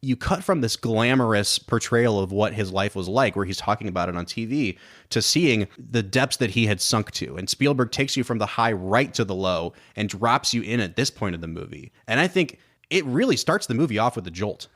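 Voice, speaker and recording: A man's voice: on the low side, expressive, normal speed, fairly bright tone. A man co-hosting a film podcast, talking through movie scenes with analytical enthusiasm in casual chat. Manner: enthusiastic, analytical, quotes scenes in put-on voices. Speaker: podcast co-host.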